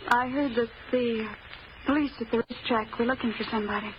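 An actress playing a sweet young small-town woman who asks gentle, curious questions, in 1940s radio acting. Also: fairly high pitch, steady tone, fast talker, natural voice. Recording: dull hissy old radio broadcast.

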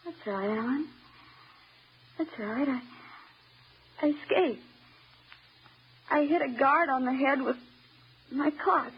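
Unhinged escaped wife, menacing, 1940s radio drama, higher voice, dull lo-fi radio sound. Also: female voice, takes it slowly, pauses often. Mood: bitter, cold. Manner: cold, taunting, menacing. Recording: dull old radio recording, faint hiss.

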